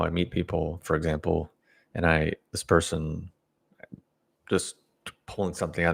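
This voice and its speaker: A man with a very deep, gravelly voice delivers a casual opinion monologue on self-development. He is blunt and opinionated, wandering through his points with restarts and the odd chuckle. The low fry sits under nearly every phrase.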